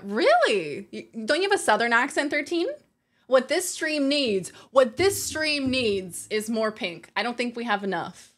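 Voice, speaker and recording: A woman's voice: medium pitch, fairly bright tone. A woman streamer chatting casually with her viewers, laughing often and reading their messages aloud.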